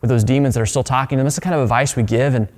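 A man preaching to his congregation with earnest, halting storytelling. His pitch sits at an ordinary middle level. His words ring out with a long reverb from the church sanctuary. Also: steady tone, darkish tone. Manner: earnest storytelling, repeats words and restarts phrases. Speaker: pastor. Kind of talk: sermon.

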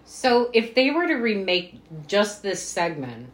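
A woman's voice: medium pitch, very animated, measured pace, roomy sound, slight background noise. A woman co-hosting a podcast in casual chat, making dry joking asides. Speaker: podcast co-host. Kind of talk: casual film-recap chat.

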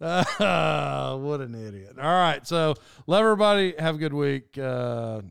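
Podcast host, male, high smooth voice, rambling and self-mocking, quick to laugh, dry close mic. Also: sing-song, a bit bright, no room sound. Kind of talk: casual storytelling monologue.

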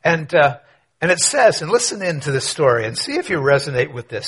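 A man preaching a conversational sermon, telling a story with rhetorical questions and quiet asides. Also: on the high side, very animated, a little fast, slightly rough. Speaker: pastor.

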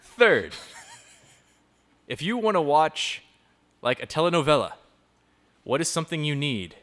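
Brief: male host, slightly high voice with a very animated pitch, playful and tangent-prone, giving a live youth talk. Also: a little slow. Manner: animated, joking, improvises tangents.

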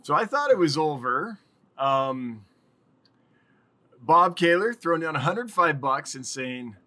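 A man's voice: a little high, sing-song, slow pace, pauses often, pushed and bright. A man hosting a casual live stream, rambling and chatting with viewers and laughing often.

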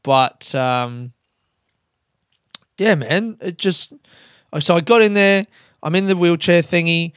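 A man's voice: fairly high pitch, slow, long pauses, a bit bright, clean tone, no room sound, studio quality. A young Australian man hosting a podcast, casually telling a story, swearing and mocking himself, laughing often. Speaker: podcast host.

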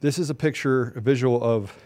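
With a mid-range voice at a slightly fast pace, a middle-aged podcast host gives a preachy, impassioned monologue. He keeps repeating rhetorical questions, his delivery climbing toward near shouting.

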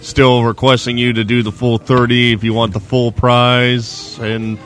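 A man's voice: medium pitch, level tone, measured pace, fairly bright tone. Easygoing male podcast co-host, joking, with faint bar music behind. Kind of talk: casual podcast chat. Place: bar at a resort, indoors.

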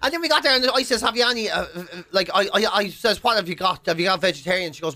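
A man's voice: high voice, racing, sharp tone. An Irish man, a comedian co-host, rambling through a story in casual chat, swearing and acting out the other voices.

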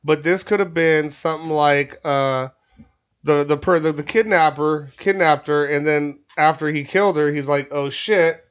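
A man with a fairly high voice hosts a podcast in a loose, casual chat. He rambles, swears freely and trips over constant restarts. The sound is muffled and lo-fi. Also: moderate pace, fairly bright tone, smooth. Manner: rambling, profane, lots of stammered restarts. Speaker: podcast host. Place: studio.

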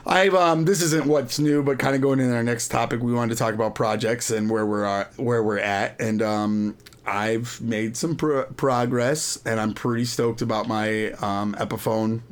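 Guy in his 30s on a podcast, rambling about his kids, says like a lot, medium pitch. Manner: rambling storyteller, lots of "like" fillers, quotes his kids. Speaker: podcast co-host. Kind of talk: casual chat.

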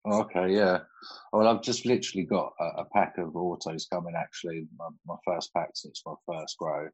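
A man's voice: low-pitched, steady tone, moderate pace, breathy edge, poor audio. A middle-aged man, chatting casually and telling stories, laughing often and swearing freely. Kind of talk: casual chat.

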